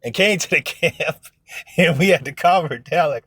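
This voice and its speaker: A man's voice: on the high side, normal speed, bright, forceful tone, husky, dry recording, studio quality. A man preaching informally to an online audience, blunt and profane, who acts out other people's voices in his stories. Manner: blunt, profane, emphatic exhortation. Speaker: religious teacher.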